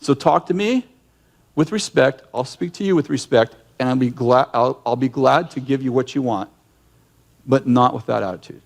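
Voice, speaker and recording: A man's voice: medium pitch, moderate pace, vocal fry. A man leading a conversational sermon, a direct and emphatic teacher who acts out scenes from his stories and often restarts his sentences. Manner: animated storyteller who acts out yelling scenes. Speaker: ministry leader and teacher.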